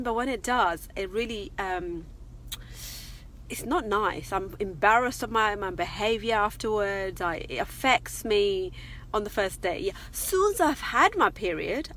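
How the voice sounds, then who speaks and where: A woman's voice: mid-range voice, lively intonation, normal speed, fairly bright tone, slight background noise. A middle-aged woman chatting casually and confidingly on a live vlog from her parked car. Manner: chatty, confiding, laughs often. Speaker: vlogger.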